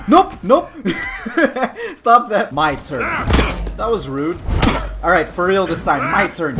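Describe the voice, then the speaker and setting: A young man giving excitable gameplay commentary, trash-talking opponents and breaking into frequent shouts. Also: medium pitch, slight background noise. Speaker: gaming video host.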